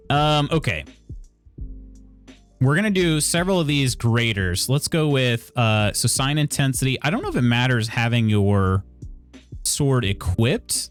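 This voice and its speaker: A young man hosting a live game stream, his voice sitting at an ordinary middle pitch. He muses aloud in a loose, rambling way, full of "uh" and "like" as he weighs his choices. Faint music plays under his talk. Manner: thinks aloud, rambling with many fillers and self-questions. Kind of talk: casual live-stream chat while playing.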